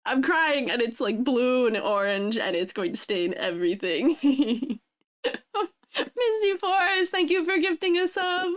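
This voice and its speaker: Woman streamer, very high voice, unhurried, choked up with happy tears and giggles. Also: sing-song. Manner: laughing through happy tears, thanking viewers. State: crying. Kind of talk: casual live-stream chat.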